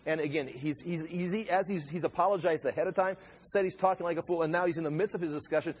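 A man's voice: on the high side, quick pace, a little hiss or hum. A man teaching a conversational sermon as a pastor, explaining scripture verse by verse, often repeating and restarting his words. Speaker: pastor teaching a Bible study.

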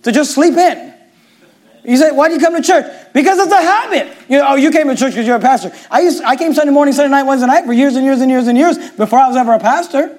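High-voiced emphatic man preaching. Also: fast, a little mellow. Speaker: pastor. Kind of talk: sermon.

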